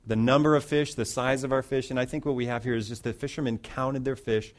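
A man's voice: mid-range voice, steady tone, fast. A man pastor preaching through a Bible passage in a conversational way, with restarts and rising emphasis. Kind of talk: expository sermon.

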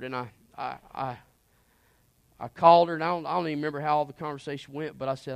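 Impassioned preacher with a higher voice. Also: male voice, a little fast, gravelly, pauses often, dry recording. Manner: earnest and impassioned, swinging between hushed and emphatic. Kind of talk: personal testimony sermon.

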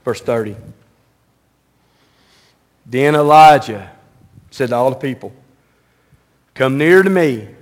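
A male pastor preaching a sermon, reading scripture and explaining it conversationally, swinging from loud and high to low and quiet. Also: slow pace, long pauses. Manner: animated, rising loud and high when mocking, dropping low and quiet on solemn lines; reads scripture aloud, then explains it conversationally.

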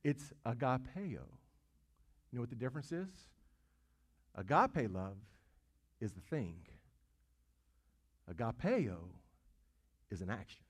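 A man's voice: mid-range voice, big pitch swings, slow, pauses often, breathy edge. A man preaching a sermon. He asks the congregation questions, repeats words as he goes, and swells to emphatic peaks. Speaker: pastor.

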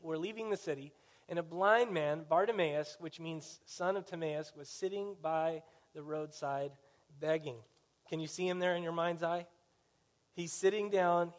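A male pastor with a voice on the high side preaches a sermon in a conversational, storytelling style, often asking his listeners questions.

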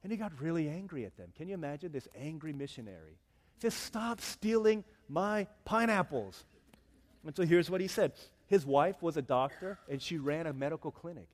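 A male pastor preaching a sermon, telling a story in a humorous, animated way. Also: a little high, fast talker.

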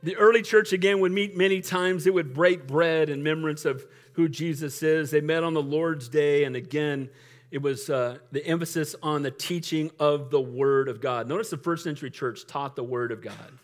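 A man's voice: a little high, moderate pace. A middle-aged male pastor preaching a sermon in a conversational, humorous way, often laughing and asking for an amen.

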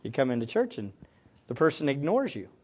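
A male pastor delivering a sermon with a very lively, swooping pitch. He jumps between loud, forceful outbursts and hushed, low asides, and he often repeats a word as he restarts a phrase. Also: a little fast, slightly rough, highs cut off. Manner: repeats words when restarting.

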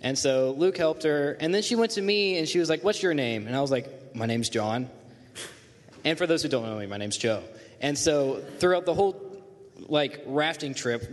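Teen boy, slightly high voice, lively storyteller, reverberant hall. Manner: animated, acts out quotes. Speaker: student telling a story. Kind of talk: casual storytelling to a group.

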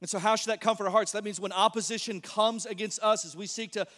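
A man preaching an animated sermon as pastor, joking and asking the congregation questions. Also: sits high, quick pace. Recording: long reverb of a large hall.

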